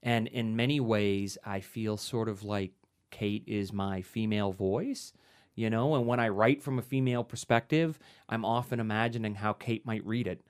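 A man with a somewhat low voice speaks in an interview about his writing. He is articulate and earnest, and grows openly enthusiastic as he talks. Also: fairly even intonation, normal speed, clean tone. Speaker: author. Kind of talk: conversational interview.

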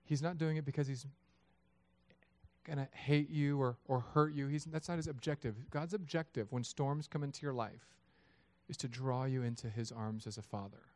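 Pastor in his thirties delivering a sermon, mid-pitched and animated, dry close-miked sound. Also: normal speed, no room sound. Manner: animated, acts out voices of God and people.

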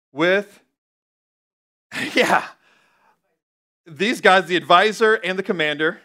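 A man preaching a lively sermon as pastor, reading scripture aloud and laughing at himself now and then. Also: high voice. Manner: energetic, reads scripture aloud and laughs at his own stumbles.

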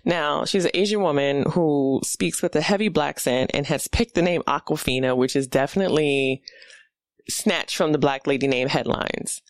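Woman in her forties, New York accent, blunt profane comedic rant, lowish voice, dry close sound. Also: normal speed, no echo. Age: 40s. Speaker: comedian hosting a podcast. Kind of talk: casual comedic monologue.

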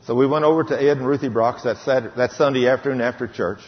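A man preaching a testimony sermon in an emphatic storytelling way, slowing right down for scripture. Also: medium pitch. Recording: dull recording in reverberant hall.

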